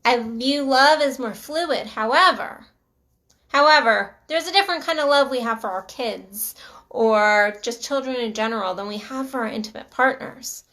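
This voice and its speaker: A woman's voice: a little high, moderate pace, bright, forceful tone. A middle-aged woman relationship coach talking casually to her channel, earnest and emphatic, often repeating herself for stress. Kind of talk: casual talk to camera.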